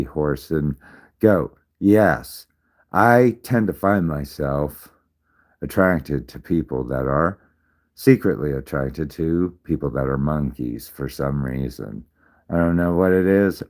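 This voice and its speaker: A man's voice: very deep voice, a little mellow. A man hosting a livestream, casually explaining zodiac pairings, counting aloud and often checking in with "all right?". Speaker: livestream host.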